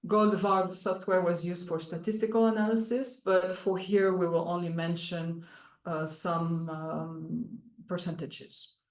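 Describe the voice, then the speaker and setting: A woman's voice: fairly low pitch, flat delivery. Woman presenting research in an echoey room. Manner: explanatory, halting with frequent fillers. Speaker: conference presenter. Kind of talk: academic talk.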